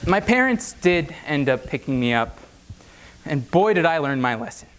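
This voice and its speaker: Young male speaker, playful comic storytelling, high lively voice, faint hiss. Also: normal speed. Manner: animated, playful, acts out scenes. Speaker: speech contestant. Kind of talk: humorous speech. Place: conference hall.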